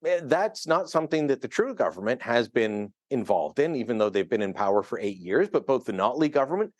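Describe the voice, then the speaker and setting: Lively opinionated man. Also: mid-range voice, a little fast, no echo. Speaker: political columnist guest. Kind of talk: news interview commentary. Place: remote studio in another city.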